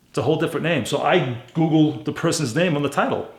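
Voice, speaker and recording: Gravelly man telling a blunt story. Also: a little high, fast, hardly any pauses. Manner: blunt, animated retelling with quoted dialogue. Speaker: car flipper vlogger. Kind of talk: casual storytelling. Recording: roomy echo.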